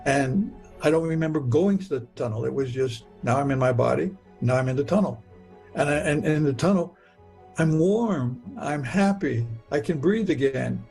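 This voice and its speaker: A man telling a personal story in an earnest, halting way, often repeating words as he goes. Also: fairly high pitch, lively intonation, creaky, darkish tone, faint music behind. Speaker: guest telling his story.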